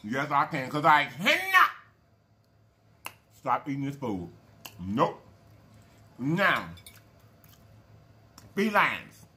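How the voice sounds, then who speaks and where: A man's voice: medium pitch, huge pitch swings, extremely slow, long pauses, bright, forceful tone, a little hiss or hum. A man hosting a casual eating show, folksy and chatty, calling viewers y'all and baby and humming over his food. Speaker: mukbang channel host.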